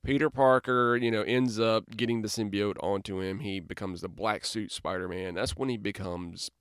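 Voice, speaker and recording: A man hosting a podcast in casual chat, lively and chatty, laughing often. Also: fairly low pitch, moderate pace, clear, resonant tone, dry recording, clean studio sound. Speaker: podcast host.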